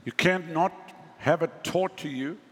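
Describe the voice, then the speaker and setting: A man's voice: fairly high pitch, measured pace, a bit bright, in a large hall. A man preaching a sermon as pastor, talking to the congregation in a casual, wry way with mocking asides.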